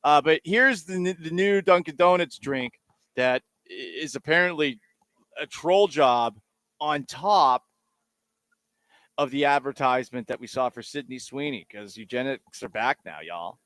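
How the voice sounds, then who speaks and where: A male sports radio host who rambles sarcastically and mocks himself between asides. He speaks at a middling pitch into a studio mic, and the sound is close and dry with no room echo. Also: animated, measured pace, a bit bright. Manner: sarcastic, rambling, self-mocking. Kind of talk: casual radio talk.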